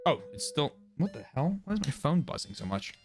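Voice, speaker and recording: Here is a man streaming a video game, talking offhand and muttering to himself, with the odd swear. His pitch sits a bit high and roams widely. Game music plays clearly behind him. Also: sing-song, a little fast. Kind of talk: casual gameplay commentary.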